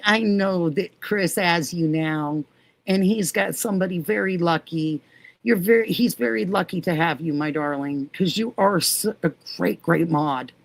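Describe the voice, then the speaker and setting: A middle-aged woman hosts a casual livestream, reading comments and warmly greeting viewers by name. Her medium-pitched voice has a creaky quality, and the recording carries no echo.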